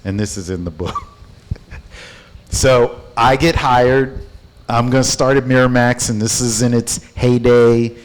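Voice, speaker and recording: Man from Houston telling a lively story. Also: mid-range voice, unhurried. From Houston, Texas. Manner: animated, acts out the people in his story. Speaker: guest, company founder. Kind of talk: storytelling in an interview.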